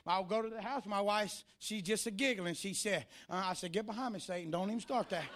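In church, a male preacher delivers a sermon, alternating between shouted, sing-song preaching and quieter, folksy storytelling. His voice sits high, and he speaks a little fast.

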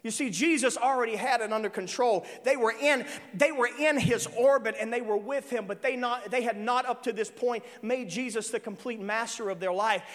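A male preacher delivering an emphatic sermon in a folksy way, breaking into shouts at times. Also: very high voice, moderate pace, hardly any pauses. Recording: long reverb of a large hall.

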